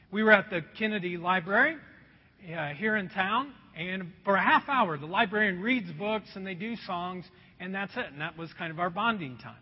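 A man preaching a sermon as pastor, telling stories with lively energy and dropping to a hush at times. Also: high-pitched, breathy edge. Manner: animated storytelling, drops to a hush. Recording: dull sound with long hall reverb.

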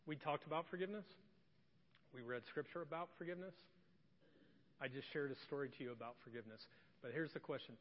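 A middle-aged man preaching as a pastor, conversational and joking, moving between loud emphasis and soft emotional storytelling. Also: a little high, fast talker, pauses often, a little hiss or hum. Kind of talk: sermon with personal story. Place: church sanctuary. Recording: distant echoey hall, dull sound.

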